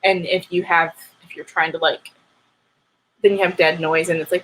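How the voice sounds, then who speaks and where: Animated woman chatting on a livestream. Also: on the low side, moderate pace, slight background noise, poor audio. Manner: animated, ranting. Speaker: writing livestream host. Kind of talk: casual chat with live viewers.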